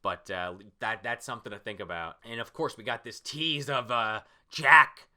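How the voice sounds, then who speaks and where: A man giving a casual reaction review of a comic, excitable, with swearing and lots of filler words. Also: medium pitch, moderate pace.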